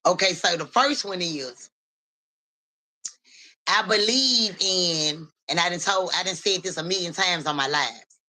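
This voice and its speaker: A woman telling stories in a casual live stream, animated and profane. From Memphis area, USA. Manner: animated, profane, keeps saying "so boom".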